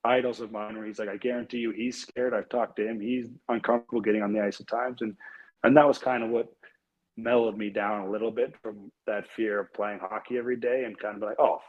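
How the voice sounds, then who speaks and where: A man's voice: lowish voice, rough recording. A young man, a hockey player, recounting his story earnestly as an interview guest, with frequent fillers and repeated words. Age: young adult. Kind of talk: casual interview conversation.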